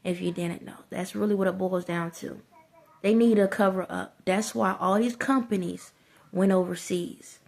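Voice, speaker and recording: A woman talks casually to her viewers in a rambling vlog rant. She circles back on her own points and often breaks into laughter. Her voice sits at an ordinary middle pitch. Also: steady tone, moderate pace, gravelly. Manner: rambling, repetitive ranting with frequent laughter; colloquial, addresses viewers as y'all. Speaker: vlogger.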